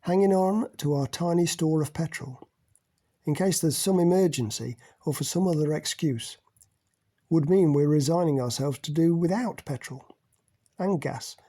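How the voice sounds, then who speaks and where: A man reading an audiobook, voicing a forceful middle-aged male group leader who lectures the room with emphatic, accusing stresses. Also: fairly high pitch, moderate pace. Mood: insistent. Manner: emphatic, accusing, rising on key words.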